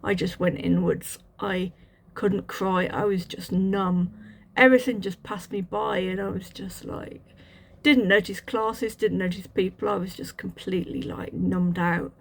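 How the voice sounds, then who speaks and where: Woman telling her life story, pretty creaky voice, talks in halting bits with lots of restarts. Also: mid-range voice, steady tone, slight background noise. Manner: halting, reflective, with frequent restarts and fillers. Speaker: channel host sharing a testimony. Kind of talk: personal testimony.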